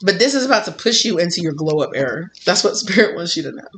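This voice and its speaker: Tarot reader: casual, animated, bright tone, quick to laugh. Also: medium pitch, slight background noise. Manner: animated, laughing, acts out quotes. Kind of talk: casual spiritual reading.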